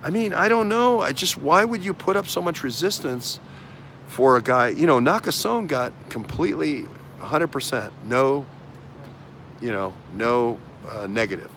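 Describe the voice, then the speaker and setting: A man's voice: mid-range voice, animated, normal speed, a bit bright, slight background noise. A man hosting a casual political talk show, rambling with many fillers, restarts and repetitions. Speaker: host.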